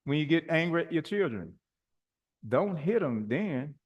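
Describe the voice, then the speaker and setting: A middle-aged man, a bishop, preaching informally with personal stories, animated and colloquial, often laughing as he talks. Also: a little high, a little slow, husky, lo-fi sound.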